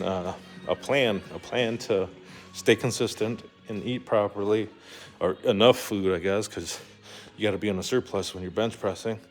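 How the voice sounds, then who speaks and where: A man's voice: fairly low pitch, a little mellow. A young man talking in a casual rambling monologue, full of fillers, restarts and swearing. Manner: rambling, profane, lots of fillers. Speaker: vlogger.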